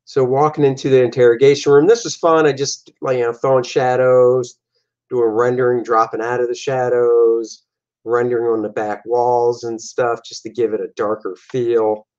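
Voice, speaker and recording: Animated man talking through his comic art. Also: medium pitch, moderate pace, muffled recording. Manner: animated, jumping into voices for his characters. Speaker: comic artist and show host. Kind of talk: casual commentary on his own artwork.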